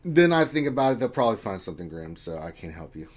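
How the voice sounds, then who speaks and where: A man's voice: on the low side, sing-song, fast talker, breathy edge. A man co-hosting a casual live stream, reading viewer chat aloud with joking, playful teasing.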